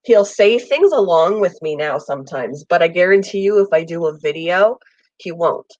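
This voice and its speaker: A woman's voice: fairly low pitch, lively intonation, normal speed, a little mellow, no echo, muffled recording. Woman with a cold, chatting about pets. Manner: rambling, friendly, many ums. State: has a summer cold, coughing. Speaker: pet channel host. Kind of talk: casual live chat with viewers. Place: home room with air conditioner.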